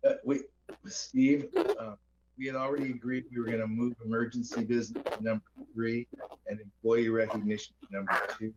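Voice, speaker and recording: A man's voice: medium pitch, level tone, fairly quick, muffled recording, noisy background. A man chairing a county board meeting, moving through the agenda in a procedural, lightly self-deprecating way.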